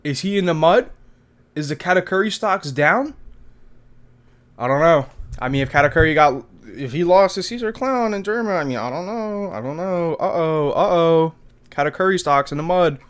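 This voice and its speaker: A young man in his twenties with a slightly higher voice than most men. He rambles through a manga chapter review in loose, slangy chat, tossing in casual swears and quick impressions of characters. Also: smooth. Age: 20s. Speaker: anime review vlogger.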